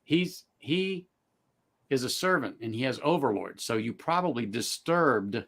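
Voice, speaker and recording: A man's voice: medium pitch, animated, a little slow, vocal fry, a bit bright. A man guest on a casual whiskey live stream, thoughtful, drawing out his phrases, with dry jokes.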